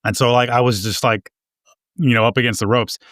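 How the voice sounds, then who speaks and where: A man's voice: mid-range voice, steady tone, a little fast, a bit bright, no echo, studio quality. A man co-hosting a podcast, telling a story about himself candidly and self-deprecatingly. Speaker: podcast co-host. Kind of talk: casual conversational podcast.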